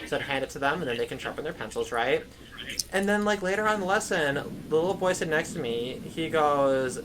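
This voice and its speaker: A man's voice: on the high side, animated, a little fast, background noise. A young man chatting casually, telling rambling stories full of "like" and "right?". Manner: rambling storyteller, many filler likes and rights. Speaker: English teacher of young kids; stream co-host. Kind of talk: casual chat.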